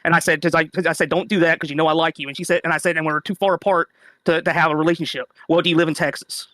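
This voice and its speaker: A man's voice: a little high, steady tone, very fast, sharp tone, no echo. A man explaining himself defensively in a played clip, stammering and repeating words.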